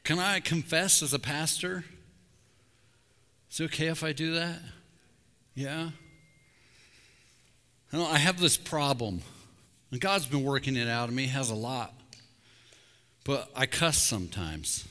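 Bright-voiced man preaching in a reverberant sanctuary. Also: medium pitch, measured pace, pauses often. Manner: candid, intense preaching with confessional asides, dropping to a hush on key words. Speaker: pastor. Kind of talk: sermon. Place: church sanctuary. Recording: long hall reverb.

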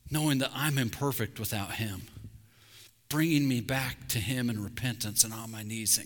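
A middle-aged man preaching a sermon in a church sanctuary, his voice bright and forceful. He is candid and intense, confessing his own failings and then dropping to a hush on key words. A long hall reverb trails each phrase. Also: mid-range voice, moderate pace. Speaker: pastor.

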